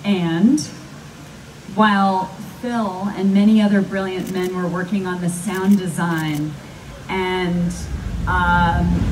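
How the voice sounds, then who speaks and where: Animated woman telling stories on a panel. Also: fairly low pitch. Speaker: actress, panel guest. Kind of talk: live panel storytelling. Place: live fan event panel. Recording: distant mic with faint background noise.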